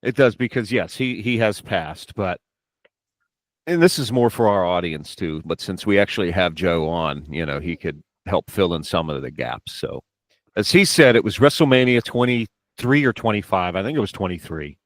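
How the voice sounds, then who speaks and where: A man's voice: low-pitched, animated, normal speed, dry recording. A man hosting a podcast, telling long rambling anecdotes in casual chat, with lots of restarts and asides. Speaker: podcast host.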